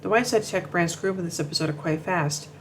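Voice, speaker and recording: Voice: medium pitch, brisk, slight background noise, poor audio. A commentator reading a narration from notes, often stumbling, repeating words and restarting sentences. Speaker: show commentator.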